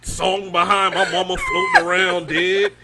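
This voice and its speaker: A young man telling a funeral story in casual chat, animated and profane, often laughing as he talks. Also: high-pitched, unhurried, very noisy.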